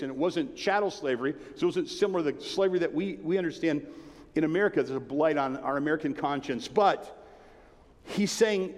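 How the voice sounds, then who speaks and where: A man preaching a sermon in a conversational, emphatic way, sometimes dropping to a hushed tone. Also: fairly high pitch. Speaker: pastor. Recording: long hall reverb.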